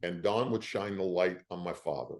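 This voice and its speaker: An older man, an actor, telling stories in an interview with a lively, emotional delivery. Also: low-pitched, moderate pace. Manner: lively storyteller, emotional at times. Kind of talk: animated anecdotes.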